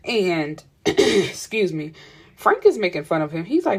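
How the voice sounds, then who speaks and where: A woman's voice: lowish voice, very animated, a little slow, breathy edge. A woman casually recapping a novel in a chatty way, laughing and cursing freely. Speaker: book reviewer.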